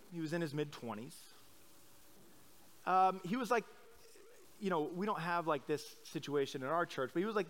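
A middle-aged man from Iowa, his voice on the high side and a bit bright, delivers a conversational sermon as a pastor during a church service. He tells stories candidly and self-deprecatingly, chatting along with many likes, fillers and restarts.

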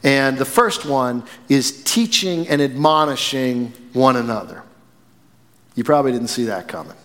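Preaching a sermon in a church sanctuary, a pastor from the northern US moves from quiet, measured lines to loud, emphatic bursts. He has a mid-range voice with lively intonation, heard through long hall reverb.

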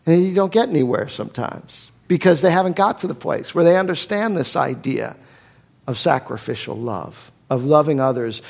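A man's voice: fairly high pitch, lively intonation, moderate pace, gravelly, a little mellow. A male pastor preaching a sermon with emphasis, repeating key phrases for weight.

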